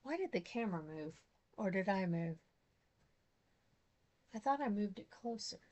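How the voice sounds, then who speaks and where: A woman's voice: medium pitch, animated, a little slow, a little mellow. A middle-aged woman chatting casually as she works on a craft project, rambling and laughing often. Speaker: craft vlogger.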